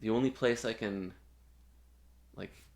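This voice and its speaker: Young man, lowish voice, chatty storyteller, swears freely, heavy on fillers. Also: slow pace, creaky. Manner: animated, profane anecdote telling with filler words. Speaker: guest musician. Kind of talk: casual storytelling chat.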